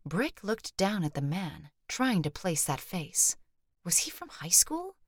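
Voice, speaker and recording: A woman narrates an audiobook with a low-pitched voice. She tells the story in a measured, even way. The recording is dry with no room sound. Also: no room sound. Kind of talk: scripted narration.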